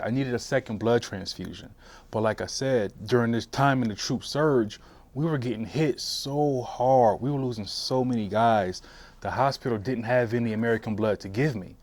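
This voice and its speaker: This veteran's voice sits at a medium pitch and sounds a little mellow, with no room sound audible. He's being interviewed for an oral history at a history center, speaking conversationally about his service and often restarting or filling pauses.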